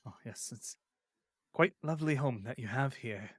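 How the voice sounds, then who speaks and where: A man voicing a watchful gentleman guest with formal, deferential manners. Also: mid-range voice, normal speed, husky, no echo, studio quality, close to an everyday voice. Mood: polite.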